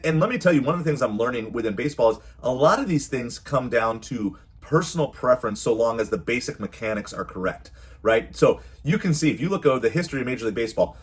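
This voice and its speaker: Man, baseball coach and dad, casual advice to camera, earnest, repeats himself, mid-pitched voice. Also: slightly rough. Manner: earnest, repeats phrases, acts out quoted coaches. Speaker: youth baseball coach and parent.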